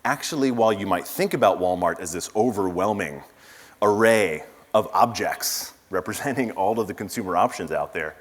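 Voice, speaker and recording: A man with a fairly low voice gives a conference keynote. He tells stories in a loose, casual way, with asides and fillers. His voice carries through a large hall with a long reverb tail. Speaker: conference speaker.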